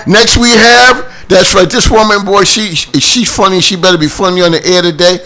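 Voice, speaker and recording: Give me a bright-toned male host with a Boston accent, animated and joking with his panel. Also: high-pitched, moderate pace. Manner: loud, animated, jokey. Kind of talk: casual talk show hosting.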